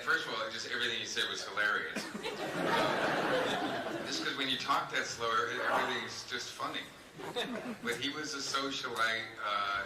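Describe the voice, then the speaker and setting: A man, an actor, answering audience questions at a convention panel, telling rambling anecdotes with many fillers. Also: fairly low pitch. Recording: echoey hall, distant mic, noisy.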